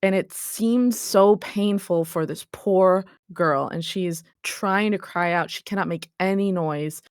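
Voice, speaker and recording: Sex: woman. Role: game master. Style: descriptive tabletop narration. Pitch: lowish. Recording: dry and close. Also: takes it slowly, clean tone, no room sound. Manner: vivid descriptive narration, calling for dice checks.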